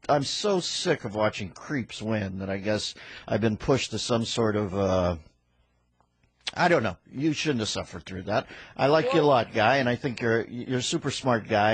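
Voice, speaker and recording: A man hosting a radio talk show, firing off quick wisecracks and pop culture jokes in casual banter from the studio. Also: medium pitch, husky, no room sound. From United States. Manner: rapid-fire wisecracks and pop culture riffs.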